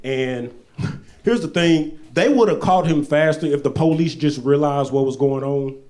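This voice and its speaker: A stand-up comedian from Arkansas, telling loose stories on stage into a handheld mic, jumping between loud bursts and low asides. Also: male voice, measured pace.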